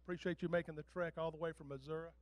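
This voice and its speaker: High, clear-voiced event emcee man. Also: fairly even intonation, very fast, no room sound. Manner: plain, conversational announcing. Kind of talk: announcing names at an awards ceremony.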